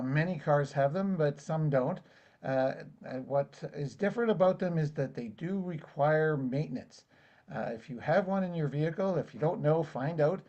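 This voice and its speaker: Brief: man, small auto repair owner, relaxed networking pitch, muffled lo-fi audio. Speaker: car repair and dash camera business owner. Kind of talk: casual business networking pitch. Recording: dull lo-fi online meeting audio.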